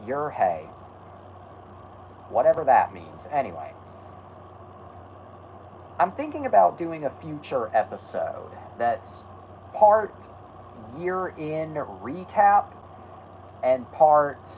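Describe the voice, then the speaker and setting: A man's voice: fairly high pitch, wildly swooping pitch, slow, long pauses, a little mellow, slight background noise, rough recording. A man hosting a casual stream, rambling and correcting himself while answering chat. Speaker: host.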